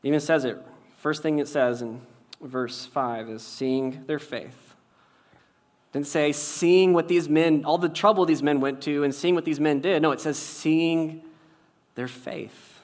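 A man preaching a conversational sermon, wry and casual, shifting between loud and soft for emphasis. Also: on the high side, steady tone, measured pace. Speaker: pastor.

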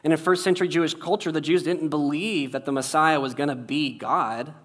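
Man preaching a casual sermon. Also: mid-range voice. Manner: conversational, wry, shifts loud and soft for emphasis. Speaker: pastor.

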